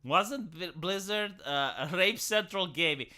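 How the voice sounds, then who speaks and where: A man's voice: high-pitched, animated, a little slow, sharp tone. A man, a live streamer rambling through an opinionated, sarcastic late-night rant, swearing casually as he goes.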